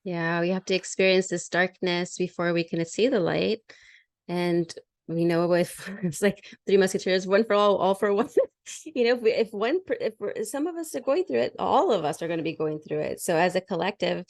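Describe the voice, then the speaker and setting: A woman's voice: on the low side, moderate pace, no room sound, clean studio sound. A middle-aged woman hosting a podcast, chatting casually about spiritual topics and laughing often mid-sentence. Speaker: podcast host.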